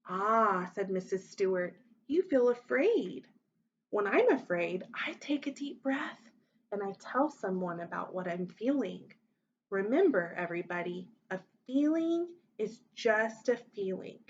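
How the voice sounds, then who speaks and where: A woman teacher reading a children's story aloud, voicing the characters with big expressive lifts in pitch. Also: a little slow, lo-fi sound, a little hiss or hum.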